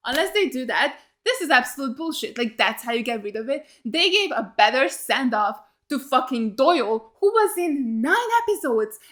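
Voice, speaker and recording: A woman hosting a TV reaction video, excitable and blunt, swearing freely. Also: sits high, normal speed, hardly any pauses. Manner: gasps and laughs in surprise. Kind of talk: casual TV reaction commentary.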